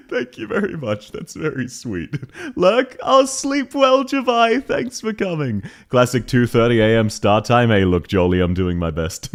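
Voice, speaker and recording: Male streamer, casual live chat, laughs a lot, bouncy animated pitch, slightly high voice, a bit rough-voiced. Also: slow pace. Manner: playful, laughs often, greets chat by name.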